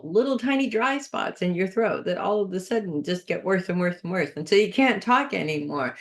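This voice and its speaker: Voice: mid-range voice, lively intonation, brisk, few pauses. A chatty astrologer talks through a weekly horoscope in a loose, unscripted way. The speaker restarts phrases while thinking aloud and gives earnest advice in an everyday mid-range voice. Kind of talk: casual unscripted horoscope monologue.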